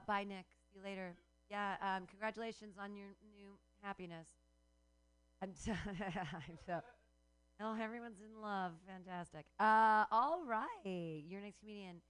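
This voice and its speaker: A woman's voice: mid-range voice, normal speed, clear, resonant tone, dry recording. A woman hosting a comedy show, cheerfully introducing the comedians and teasing them.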